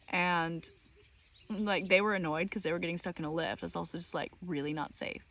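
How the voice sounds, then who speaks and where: A woman hosting her own channel, telling a personal story in a casual, animated and exasperated way, with many fillers. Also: fairly low pitch, normal speed, gravelly. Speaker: channel host.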